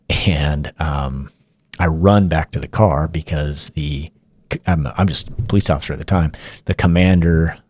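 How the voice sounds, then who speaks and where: Guy in his 40s or so, super deep voice, easygoing rambling storyteller, dry close mic. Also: no echo. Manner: relaxed, rambling retelling with fillers and restarts. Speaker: podcast host, former police officer. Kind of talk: casual storytelling.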